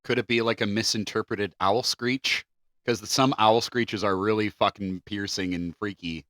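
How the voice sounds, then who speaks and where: A man's voice: on the low side, fairly even intonation, normal speed, bright, forceful tone, dry recording. A man co-hosting a podcast, reading facts from notes and then joking around casually. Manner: joking, loose, swears casually. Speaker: podcast co-host.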